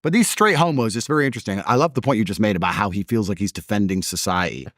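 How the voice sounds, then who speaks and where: A man's voice: lowish voice, rapid-fire, no echo, studio quality. A man in a casual conversation, telling stories in a blunt, combative way. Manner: animated storytelling, blunt and combative. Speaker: interview host.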